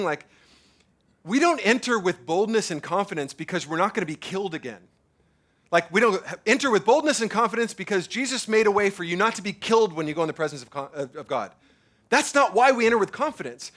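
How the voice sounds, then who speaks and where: A male pastor in his thirties or forties preaches at a church service with a high, bright voice. His delivery is animated and casual, piling up fillers and repeating himself as he goes.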